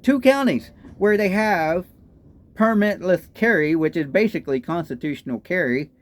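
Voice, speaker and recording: A man's voice: high-pitched, lively intonation, normal speed. A man with a Texan accent ranting in a political commentary, indignant and firing off repeated rhetorical questions. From Texas. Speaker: political vlogger.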